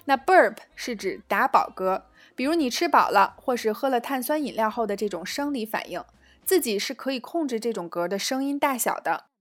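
High-voiced woman teaching phrases. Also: expressive. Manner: reads dialogues slowly, then explains in Chinese. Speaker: English teacher. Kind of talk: scripted English lesson.

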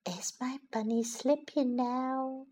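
A woman voicing a tired but gentle mother rabbit, speaking softly in a soothing, sing-song way. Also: a little high, very animated, takes it slowly.

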